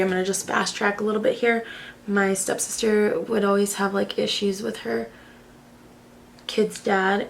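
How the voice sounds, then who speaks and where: A woman's voice: medium pitch, gravelly, slight background noise. A young woman from Arizona, chatting casually and swearing freely while doing her makeup, telling a story full of "like". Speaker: beauty vlogger.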